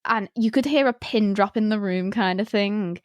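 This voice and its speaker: A young woman with a Liverpool accent, a guest musician telling a story in a casual interview, excitable and giggly, with lots of "like". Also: medium pitch, normal speed, no room sound. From Liverpool, England.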